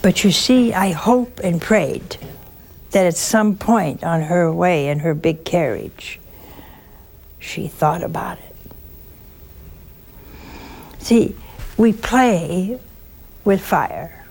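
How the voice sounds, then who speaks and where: A woman's voice: on the low side, slow pace, gravelly, darkish tone. A woman preaching an informal sermon full of stories, plain-spoken, sometimes dropping to a whisper for emphasis. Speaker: religious speaker.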